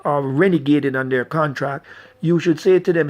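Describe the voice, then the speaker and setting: Angry ranting man, higher voice. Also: normal speed. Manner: angry, blunt, addresses viewers directly. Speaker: political commentator. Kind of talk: impassioned political rant.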